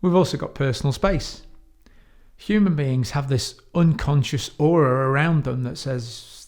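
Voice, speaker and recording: A man from the United Kingdom giving a measured teaching talk on coaching, slowing down to stress key words. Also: medium pitch, a little mellow. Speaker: coach trainer.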